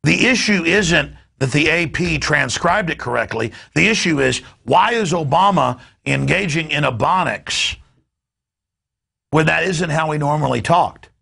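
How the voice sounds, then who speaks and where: Man, talk show host, gravelly voice, hard-edged and forceful, ranting commentary. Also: a little high, expressive, measured pace. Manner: emphatic, forceful and indignant.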